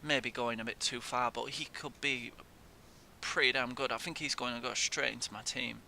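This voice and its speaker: A man's voice: fairly even intonation, moderate pace, creaky, pushed and bright. A young man giving casual gameplay commentary, swearing in frustration at the game. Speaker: gaming YouTuber. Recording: faint noise and low rumble.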